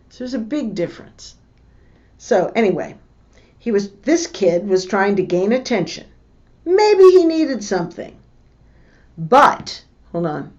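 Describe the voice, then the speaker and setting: A middle-aged woman teaching a lesson, telling a family story slowly and deliberately and acting out the voices of the people in it. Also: medium pitch. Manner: slow, deliberate, acts out the voices in her story. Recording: dull lo-fi recording.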